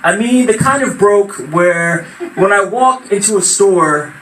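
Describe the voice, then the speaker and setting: Young guy doing open mic comedy, kinda high voice, far off mic in a roomy space. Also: a little slow. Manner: animated storytelling, bursts into shouted voices. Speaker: stand-up comedian. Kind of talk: open mic stand-up routine. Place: small venue at open mic night. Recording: echoey room, far from mic, noisy.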